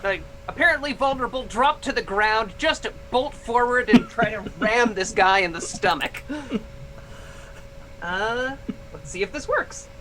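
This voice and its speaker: A player in a tabletop game, lively and laughing often. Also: mid-range voice, unhurried, slight background noise, rough recording. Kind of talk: tabletop game role-play.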